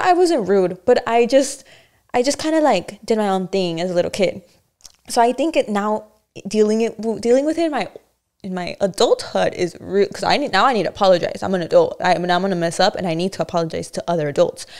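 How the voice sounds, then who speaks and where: A woman's voice: mid-range voice, darkish tone. Candid young woman chatting on a podcast. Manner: candid, rambling, self-reflective with many restarts. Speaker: podcast co-host. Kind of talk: casual chat.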